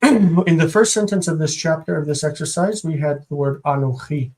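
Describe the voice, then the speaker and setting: A man teaching Hebrew grammar in a live stream, slow and patient, repeating each word several times. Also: on the high side, a little mellow.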